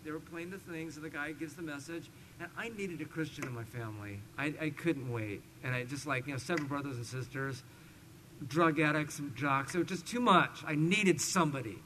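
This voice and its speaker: High-voiced man preaching, animated. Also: a little fast, a little hiss or hum, rough recording. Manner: animated storyteller, swings between loud emphasis and hushed asides. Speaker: pastor. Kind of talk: expository sermon with personal stories.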